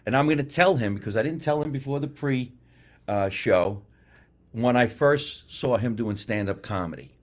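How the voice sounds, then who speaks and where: A man's voice: medium pitch, normal speed. A man hosting a podcast, asking his guest questions in an enthusiastic, casual way. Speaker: podcast host. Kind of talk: casual interview chat.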